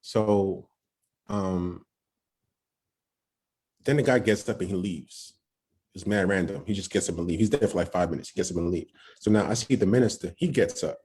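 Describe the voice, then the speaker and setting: A young man telling a personal story on a podcast, excited and nervous, acting out what others said and checking in with "right?". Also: low voice, moderate pace, long pauses, slightly rough. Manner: excited, acts out quoted voices, frequent "right?". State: nervous, shaking. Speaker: podcast guest. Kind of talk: storytelling testimony.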